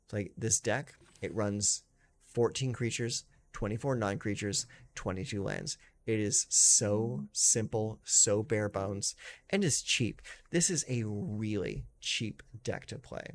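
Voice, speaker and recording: Gravelly, easygoing man streaming from home. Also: takes it slowly. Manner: rambling, filler-heavy, easygoing; high baby-talk when calling his dogs. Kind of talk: casual live-stream chat. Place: home in California.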